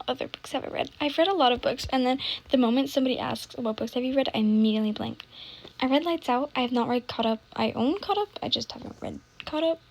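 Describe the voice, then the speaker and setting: A young woman in casual, scattered chat, often trailing off, restarting and dropping to soft asides. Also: high-pitched, a little hiss or hum. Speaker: book vlogger. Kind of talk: casual rambling chat while gaming.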